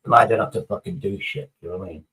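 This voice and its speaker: A man's voice: lowish voice, very fast, fairly bright tone, poor audio. A man chatting casually on a live stream, rambling through a story and swearing heavily as he reads the chat.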